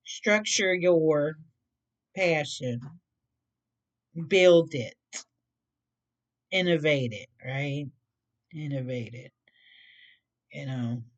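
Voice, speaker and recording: Slow, rambling tarot reader. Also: mid-range voice, muffled recording. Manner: rambling, repeats and plays with words, trips over some. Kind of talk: casual tarot card reading.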